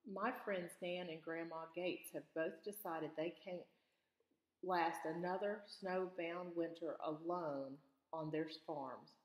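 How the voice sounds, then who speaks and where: A woman voicing a busy, brisk grandmother in a children's storybook, in an echoey room. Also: lowish voice, fairly even intonation. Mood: concerned. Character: bustling, warm-hearted grandmother. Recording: echoey room with long reverb.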